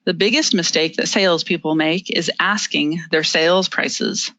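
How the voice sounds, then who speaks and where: A presenter teaching interview skills in a webinar, explaining each step clearly with the odd filler and small laugh. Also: medium pitch, normal speed, sharp tone, no echo, highs cut off. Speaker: webinar presenter on body language. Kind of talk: instructive presentation.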